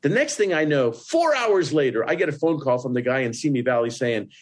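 A man from Indiana, a guest in an interview, telling stories in a lively way and jumping into other people's voices. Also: brisk. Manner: animated, breaks into voices with big jumps up in pitch. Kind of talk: storytelling in an interview.

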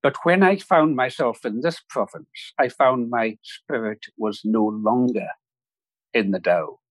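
A man voicing a wizened, calm old male rainmaker in a spoken story, in an unhurried storytelling manner. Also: mid-range voice, no room sound, close to an everyday voice. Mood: serene.

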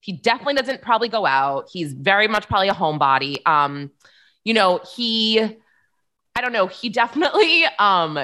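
Young woman, podcast co-host, bright tone, animated pitch, giggly, casual chat. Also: normal speed. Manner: chatty, giggly, many fillers.

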